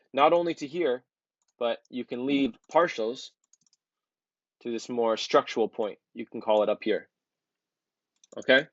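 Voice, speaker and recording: A man talks viewers through trading charts in a relaxed, rambling way, dropping ums and filler words as he goes. His voice sits at an ordinary middle pitch. The recording is muffled and lo-fi, with a close, dry sound and no room echo. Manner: loose, chatty, many ums and honestlys. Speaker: trading educator. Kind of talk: casual screen-share chart walkthrough.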